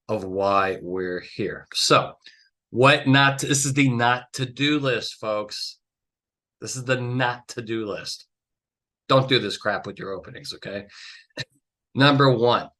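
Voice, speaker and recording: A man's voice: on the low side, bright, forceful tone. A man hosting a podcast, giving blunt, emphatic advice with swearing and exasperated outbursts. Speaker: trial consultant podcast host. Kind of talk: animated solo podcast talk.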